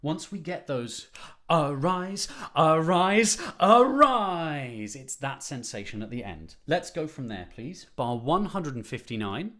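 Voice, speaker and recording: A man's voice: medium pitch, sing-song, moderate pace, hardly any pauses, darkish tone. A man leading an online choir rehearsal, explaining phrasing patiently, repeating points for emphasis, with light self-deprecating humor. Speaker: choir conductor.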